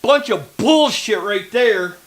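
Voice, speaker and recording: A football fan reacting live to a game, ranting angrily and swearing at the referees. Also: male voice, high-pitched, animated, slow pace, fairly bright tone, poor audio. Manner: angry ranting, heavy swearing; heckles the referees.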